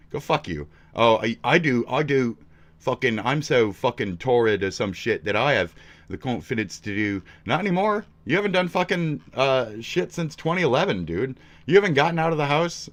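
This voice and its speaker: A young man ranting at his viewers in a profane, aggressive way, dropping to mutters and then shouting. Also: mid-range voice. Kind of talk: profane rant with improvised raps.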